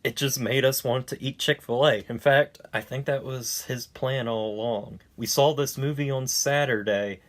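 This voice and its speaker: A man giving a casual, rambling movie review, wry and sarcastic, with many fillers and restarts. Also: mid-range voice.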